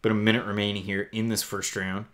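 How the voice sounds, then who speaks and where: A man with a low voice calls the action as co-host of a live fight watch-along. He gives steady play-by-play and turns often to the viewers at home. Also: fast.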